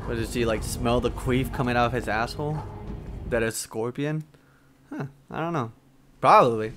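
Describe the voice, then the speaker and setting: A young man doing let's play commentary, excitable and swearing, yelling at the game. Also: medium pitch, moderate pace. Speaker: gaming YouTuber. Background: loud game music and fight sounds.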